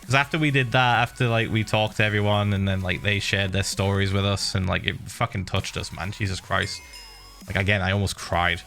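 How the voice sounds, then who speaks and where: Low-ish, brisk and gravelly, this middle-aged man's voice carries a casual story he's telling viewers on his stream. He laughs in a lively way and drops the occasional swear.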